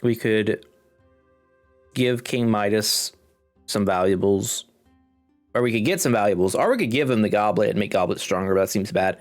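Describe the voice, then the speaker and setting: A man's voice: normal speed, pauses often, soft background music. Congested man mulling over game choices. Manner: thinks aloud, chuckles, lively pitch. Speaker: gaming video host. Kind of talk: casual game commentary.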